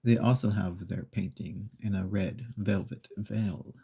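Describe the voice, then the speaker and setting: A man with a gravelly, breathy voice, retelling a children's story as a soft-spoken ASMR host, slow and meandering with pauses. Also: on the low side, steady tone.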